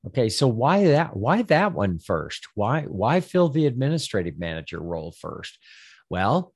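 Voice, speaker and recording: A man's voice: mid-range voice, sing-song, a little slow, a little mellow, husky, no echo, clean studio sound. An older man coaching financial advisors in a rambling instructional talk, often repeating words and acting out the listener's objections.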